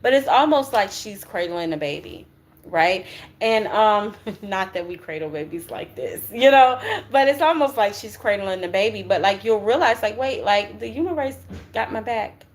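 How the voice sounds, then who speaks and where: A woman's voice: medium pitch, lively intonation, normal speed. Chatty woman giving a tarot reading. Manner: chatty and slangy, with frequent "right?" and cussing. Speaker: tarot reader. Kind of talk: casual spiritual tarot reading.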